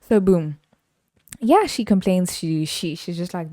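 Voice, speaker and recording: A woman telling a casual story as a podcast host, animated and slangy, laughing often. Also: lowish voice, unhurried, no echo, clean studio sound.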